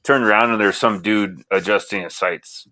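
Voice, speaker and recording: A man's voice: fairly low pitch, moderate pace, pushed and bright, no echo. A man co-hosting a casual panel podcast, talking bluntly and calling people "dude". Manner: blunt, says "dude" often. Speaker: podcast co-host.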